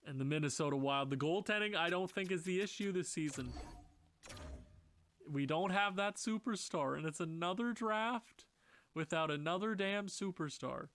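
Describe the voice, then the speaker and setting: A man's voice: moderate pace, fairly bright tone, no room sound. A man commentating his own video game franchise season, exasperated and talking to his players as he reshuffles lines. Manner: exasperated, talks to players, swings into high frustrated outbursts. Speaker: gaming YouTuber.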